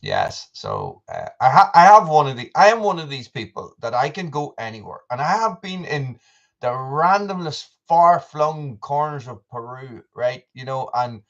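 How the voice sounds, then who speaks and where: A man's voice: medium pitch, very animated, moderate pace, vocal fry, fairly bright tone, lo-fi sound. Rambling chatty man. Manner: chatty, rambling, lots of restarts and asides. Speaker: vlogger doing a live chat. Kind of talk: casual rambling live stream chat.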